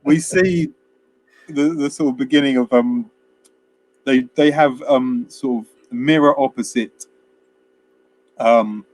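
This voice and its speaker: A man's voice: mid-range voice, takes it slowly, pauses often, a little mellow. A man, co-hosting a casual film review chat, rambling through scenes with quoted lines and frequent laughs. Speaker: podcast co-host.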